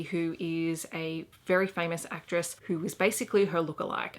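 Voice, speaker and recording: Bright-voiced Australian woman reviewing books. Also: on the low side. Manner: chatty and enthusiastic, rambling with restarts. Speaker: book vlogger. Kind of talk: casual book review vlog.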